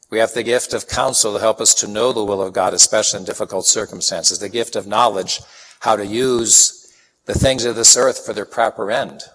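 Man preaching in a reverberant hall. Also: lowish voice. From Chicago. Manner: folksy, animated anecdotes with acted-out quotes. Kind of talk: sermon with storytelling.

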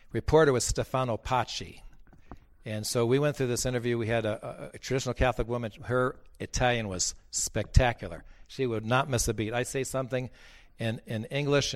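A man's voice: mid-range voice, fairly even intonation, brisk. A man speaking as a bishop, telling stories in a blunt, emphatic preaching talk that repeats its points.

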